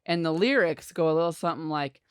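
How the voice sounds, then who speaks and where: A man's voice: on the high side, fast talker, smooth, no echo. Teasing man on a dry podcast mic. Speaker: podcast co-host. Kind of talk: casual chat.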